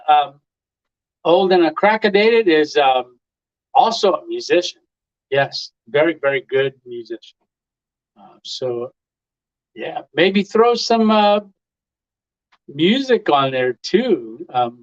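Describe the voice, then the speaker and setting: A man's voice: a little high, muffled recording. A middle-aged man hosting a casual live stream, telling rambling stories full of "uh" and chuckles. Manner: rambling storyteller, lots of "uh" and chuckles.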